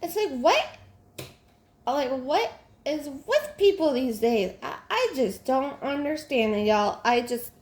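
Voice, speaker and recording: Young woman, exasperated chatty crafter, highish voice, roomy echoey room. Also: expressive, slow pace, slight background noise. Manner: venting, exasperated, many fillers and restarts. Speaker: crafting vlogger. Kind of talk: casual chat while crafting. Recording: roomy echo.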